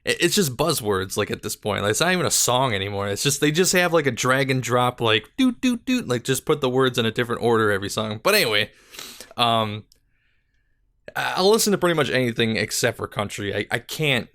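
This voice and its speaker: Rambling young man, bright dry voice. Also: medium pitch, expressive, brisk, no echo. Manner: rambling, filler-heavy, self-deprecating. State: slightly out of breath. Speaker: podcast host and gaming YouTuber. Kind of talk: casual solo podcast chat.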